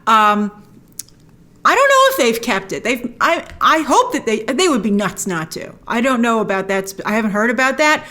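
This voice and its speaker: A woman's voice: fairly high pitch, big pitch swings, normal speed, bright, forceful tone. A woman hosting a film trailer review show, chatting through a breakdown with enthusiastic, playful asides. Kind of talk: casual trailer breakdown commentary.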